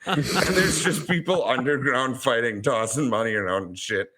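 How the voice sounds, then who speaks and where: A man's voice: mid-range voice, normal speed, sharp tone. A young man co-hosting a podcast, ranting sarcastically and swearing often in casual chat. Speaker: podcast co-host.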